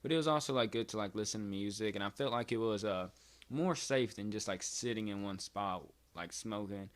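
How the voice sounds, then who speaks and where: A man's voice: on the low side, a little fast. Profane rambling young man telling a story. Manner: rambling, profane, filler-heavy "like". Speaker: vlogger. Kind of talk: casual storytime.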